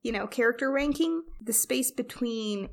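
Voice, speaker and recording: A woman's voice: fairly high pitch, animated, normal speed, gravelly. A woman co-hosting a casual chat, rambling and self-deprecating, with frequent restarts. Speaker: podcast co-host.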